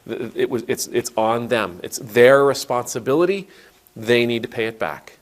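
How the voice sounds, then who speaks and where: A man's voice: on the low side, normal speed. A man, an Anglican priest, giving a casual spoken sermon on a parable, retelling it with voices and often restarting his sentences. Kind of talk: conversational video sermon.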